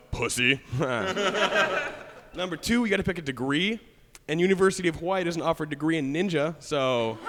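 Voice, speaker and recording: A young man delivers a brash, crude stand-up set on a studio stage, laughing at his own jokes in front of a live audience. His voice sits fairly high, with background noise and the long reverb of a hall.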